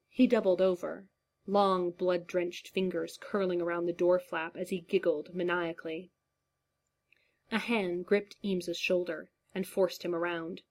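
Brief: woman audiobook narrator, lower pitch, unhurried, measured delivery. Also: steady tone. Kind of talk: scripted story narration.

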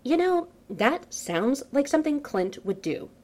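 A woman voicing a flirty, scheming grown man in love, quick and arch in his lines. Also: sits high, very animated, warm tone, voice pushed up.

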